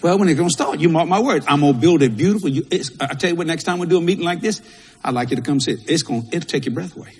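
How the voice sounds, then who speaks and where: A man's voice: a little high, racing, a little mellow, husky. A male pastor, preaching a sermon in a folksy, repetitive way with Southern turns of phrase. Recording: long hall reverb.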